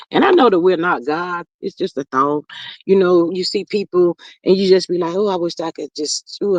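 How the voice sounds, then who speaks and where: A woman's voice: fairly low pitch, darkish tone, dry recording. Folksy woman chatting on a live stream. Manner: folksy, sighing, calls viewers "child" and "y'all". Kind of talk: casual live stream chat, reading comments. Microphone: streaming setup. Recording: dry, dull lo-fi stream audio.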